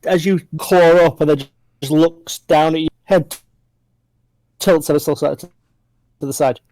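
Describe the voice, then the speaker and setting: A man's voice: on the high side, steady tone, a little slow, warm tone, poor audio. A man running a tabletop role-playing game as game master over a voice call. He describes the scene loosely, with lots of fillers.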